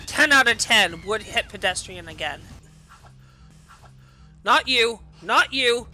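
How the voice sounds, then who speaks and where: A woman hosting a gaming video, giving loud, furious gameplay commentary full of swearing. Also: on the high side, expressive, takes it slowly, pauses often, soft background music.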